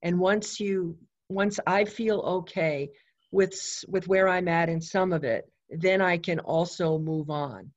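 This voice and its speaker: A woman's voice: on the low side, a little slow. A woman in a casual church discussion, reflective and thoughtful, heard on muffled lo-fi video call audio.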